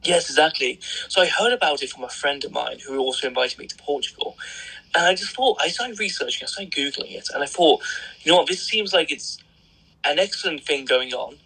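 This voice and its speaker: A young man with an English accent, chatting as a guest in a blunt, joking, animated manner. His voice is gravelly and somewhat husky, with a bright, forceful edge. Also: on the high side, a little fast, rough recording. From England. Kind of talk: casual interview chat.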